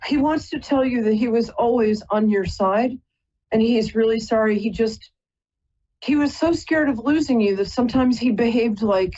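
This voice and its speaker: Woman, psychic reader, live call-in show, husky, rambling, apologetic, dull lo-fi audio. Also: on the high side, dark tone. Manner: chatty, rambling, often apologizing.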